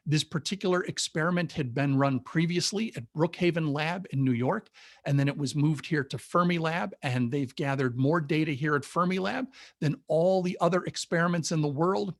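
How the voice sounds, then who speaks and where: Guy walking folks thru physics on a video call, kinda high voice, eager, lays out facts one by one. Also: no echo, clean studio sound. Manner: explanatory, enthusiastic, lists facts methodically. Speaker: science talk presenter. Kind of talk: informal public science talk over video call. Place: home or office on a webinar. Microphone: video call mic.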